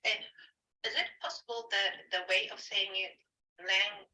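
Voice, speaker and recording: A woman's voice: mid-range voice, fairly even intonation, measured pace, bright, forceful tone, low-quality recording. A woman with a Japanese accent, a student carefully repeating English practice sentences after her teacher.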